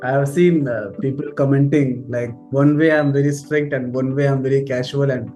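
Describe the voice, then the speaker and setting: A man's voice: mid-range voice, steady tone, moderate pace, dark tone, soft background music. Chatty Indian man interviewing. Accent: Indian English. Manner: chatty, laughs often, repeats words. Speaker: trainer and interviewer. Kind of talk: casual interview.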